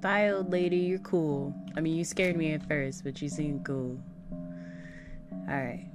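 A woman's voice: deep voice, measured pace, over music. A young woman casually talking through a game as its host, chatty and reactive. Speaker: gaming channel host. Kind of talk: casual gameplay commentary.

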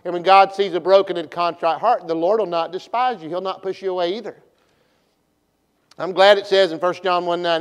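A man preaching at a revival, telling a story in a folksy way and shifting from hushed to loud. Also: sits high, steady tone, a little fast, clear, resonant tone. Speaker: pastor. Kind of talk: revival sermon. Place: church sanctuary. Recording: long church reverb.

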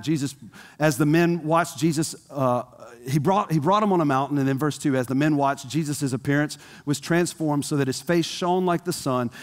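Man preaching in a reverberant hall. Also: a little high. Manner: conversational preaching, asks the congregation questions. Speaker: pastor. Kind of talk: sermon.

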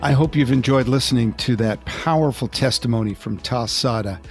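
Guy hosting a podcast, mid pitch, friendly wrap-up read, faint music behind. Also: moderate pace. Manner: friendly, inviting listeners to get in touch. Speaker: podcast host. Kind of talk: scripted podcast outro.

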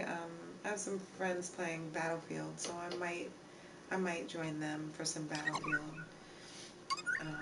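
A woman live streamer chatting casually with her viewers, laughing and teasing, repeating herself often. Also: mid-range voice. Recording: distant mic with clear background noise.

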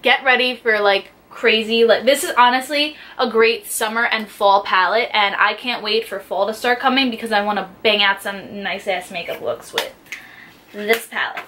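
A young adult woman vlogging about makeup in a casual, gushing way, full of excited exclamations and filler words. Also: a little high, normal speed. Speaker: beauty vlogger. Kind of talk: casual unboxing chat.

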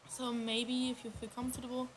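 A young woman co-hosting a livestream chats casually in English, thinking aloud as she goes, her sentences wandering and restarting amid ums and little stumbles. Her voice is a little high and monotone, and she talks fairly quickly. A faint hiss sits under the audio.

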